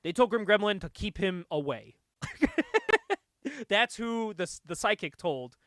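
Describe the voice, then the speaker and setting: Man, podcast host, comic book recap, high voice, dry close sound, laughs a lot. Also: takes it slowly, no echo. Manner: animated, laughs often, acts out dialogue.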